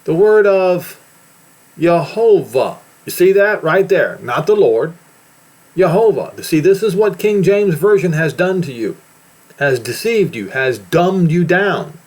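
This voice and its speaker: A man's voice: sits high, lively intonation, a little slow. A man with an American accent giving an emphatic, preaching commentary on news and scripture. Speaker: religious commentator.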